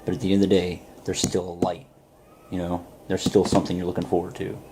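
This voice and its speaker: Deep gravelly man with a drawl. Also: completely flat delivery, quick pace, very noisy. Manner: earnest, storytelling, many fillers. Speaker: network marketer. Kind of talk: motivational talk to camera.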